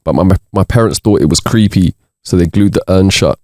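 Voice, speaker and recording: A man's voice: low-pitched, brisk, a little mellow, dry recording, clean studio sound. A man co-hosting a podcast, reading jokes aloud in casual chat and laughing between them. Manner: reads jokes with bursts of laughter. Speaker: podcast co-host.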